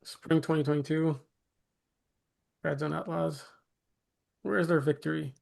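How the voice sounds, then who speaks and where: Brief: male co-host, gravelly, higher-pitched voice, easygoing and jokey league recap. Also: steady tone, measured pace, a little mellow. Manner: laughs often, teasing. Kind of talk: casual sports league chat.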